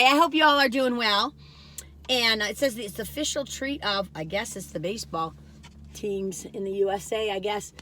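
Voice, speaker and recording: A chatty older woman in her sixties, talking to her viewers while she eats. Her voice is bright and forward, and she rambles from thought to thought, jumping from loud excited bursts to quiet musing. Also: medium pitch. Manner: chatty, rambling, wandering storytelling. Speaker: food vlogger. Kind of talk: casual taste-test chat.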